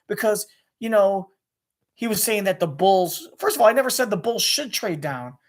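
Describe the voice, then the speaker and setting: Man, young adult, angry profane rant, rapid, restless, lots of restarts. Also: high voice, lively intonation. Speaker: sports radio caller venting on his channel.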